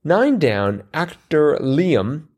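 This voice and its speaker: A man's voice: a little high, big pitch swings, very slow, darkish tone, breathy edge. A man co-hosting a podcast, chatting casually about a crossword and thinking aloud with self-deprecating asides. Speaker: podcast co-host.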